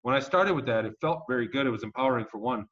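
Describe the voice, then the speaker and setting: A man being interviewed as a guest, telling his story in a casual, animated and emphatic way and swearing now and then. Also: medium pitch, racing. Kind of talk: conversational storytelling. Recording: dull lo-fi audio.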